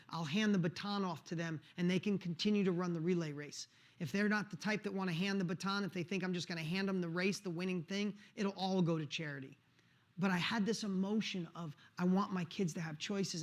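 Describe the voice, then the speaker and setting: Earnest high-voiced man telling his story. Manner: earnest, repeats words, emphatic. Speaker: motivational speaker. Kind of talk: emotional personal storytelling.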